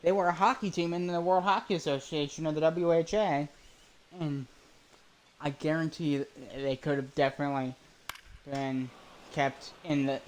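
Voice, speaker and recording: A man's voice: fairly high pitch, steady tone, moderate pace, slight background noise, low-quality recording. A man streaming a baseball video game, calling the plays in a casual, rambling way with chatty asides and self-corrections.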